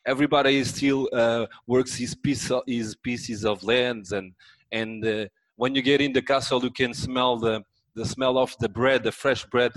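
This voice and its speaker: A man's voice: mid-range voice, fairly even intonation, moderate pace, no echo, poor audio. A man with a French accent chatting casually as a podcast guest, often repeating words while he searches for phrasing.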